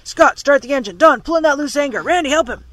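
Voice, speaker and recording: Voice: medium pitch, a little fast, no room sound, natural voice. Reader doing a bossy boat captain, barks orders, pretty plain voice. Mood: urgent shouting. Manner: barks orders when shouting. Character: gruff fishing boat captain, man, commanding.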